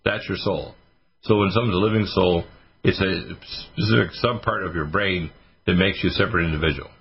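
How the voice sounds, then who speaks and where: A man with a deep, slightly raspy voice talks as a radio health doctor. He rambles through long lists of remedies, filling pauses with "uh". The audio is muffled and lo-fi. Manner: rambling, lists supplements with many fillers. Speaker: doctor answering listener questions. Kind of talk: casual radio call-in advice.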